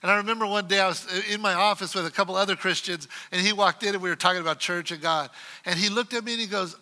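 A man preaching a sermon and telling a story, acting out the dialogue and swinging from loud exclamations to quiet asides. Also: sits high, fairly even intonation, fast talker. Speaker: pastor.

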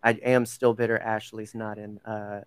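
A man's voice: on the low side, level tone, moderate pace, clean tone, no room sound. A man hosting a casual podcast chat, talking loosely with many fillers and restarts. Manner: chatty, full of fillers and self-corrections. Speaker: podcast host.

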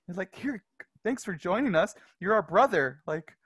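A man from Los Angeles, a podcast guest, telling personal stories in an animated, laughing way. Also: sits high, moderate pace, a crowd in the background. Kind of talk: casual storytelling.

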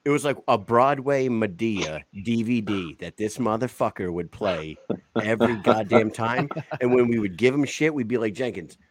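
A man's voice: fairly low pitch, normal speed, a crowd in the background. A man in his forties hosting a casual podcast, telling stories with plenty of swearing and laughter. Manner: profane, laughing storyteller. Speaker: podcast host.

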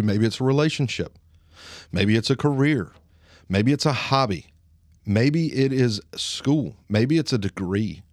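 A man in his late thirties with a Southern Alabama twang talks straight to his listeners in a reflective podcast monologue. His voice sits in a middle register and sounds dry and close. He speaks earnestly and slowly, leaning on pauses to drive his points home. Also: medium pitch, darkish tone, no room sound. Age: 30s. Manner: earnest, slow, pausing for emphasis. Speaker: podcast host.

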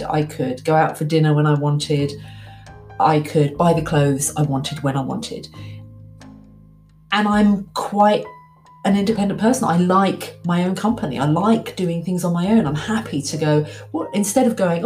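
A woman in her forties, candid and reflective, telling a personal story and acting out the things she once told herself. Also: fairly low pitch. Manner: candid, reflective, animated when quoting her past self. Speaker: speaker.

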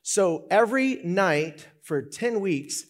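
A man preaching a sermon as pastor, talking in an animated, conversational way with many restarts. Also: high-pitched, takes it slowly.

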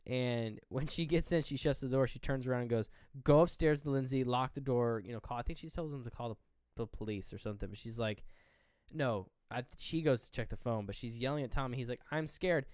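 A man co-hosting a podcast, retelling a horror film with lively, acted-out quotes and casual swearing. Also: mid-range voice, quick pace, dry recording, studio quality. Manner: animated retelling, acting out characters' lines; swears freely. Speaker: podcast co-host. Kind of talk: casual movie recap.

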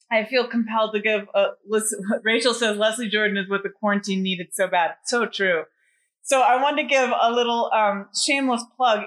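A woman's voice: medium pitch, fairly bright tone. A woman hosting a casual livestream from home, bubbly and chatty, greeting viewers as they join. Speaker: livestream host.

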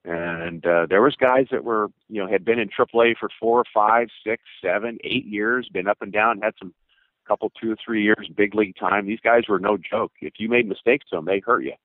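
Low-voiced older man telling stories over a phone line. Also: moderate pace, no room sound. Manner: rambling, with many fillers and acted quotes. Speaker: former baseball pitcher. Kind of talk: storytelling interview answers. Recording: tinny phone-line sound.

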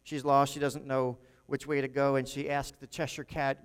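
A man's voice: mid-range voice, level tone, normal speed, vocal fry, few pauses, clean tone, long reverb tail. A man preaching a sermon as pastor to his congregation, conversational, with frequent restarts and repeated words.

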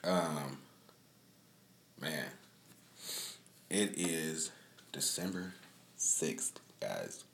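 A man with a very deep, low voice hosts his own podcast, talking casually. He rambles through stories with plenty of cursing and easy laughter. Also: sing-song, very slow, creaky, long pauses, fairly bright tone, slight background noise. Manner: loose, profane, laughing storyteller. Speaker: podcast host.

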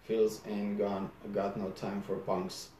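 A man reading aloud, voicing a gruff doorman who snaps his words out. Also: on the low side, little pitch movement, slow, dark tone, recorded from a distance, a little hiss or hum. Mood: curt. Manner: curt, snapping. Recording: roomy echo.

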